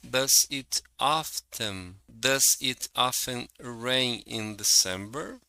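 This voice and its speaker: Male English teacher, very slow and careful, bright forceful tone, walks through examples. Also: mid-range voice, gravelly, clear, resonant tone, no room sound, poor audio. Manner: slow, careful and explanatory, reading out example sentences. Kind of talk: slow, deliberate grammar lesson.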